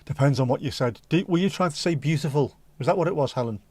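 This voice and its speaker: A man's voice: a little high, lively intonation, fast talker, darkish tone, dry recording. A middle-aged man with a Liverpool accent, hosting a livestream and chatting casually to his live chat with jokey, rambling asides. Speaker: livestream host.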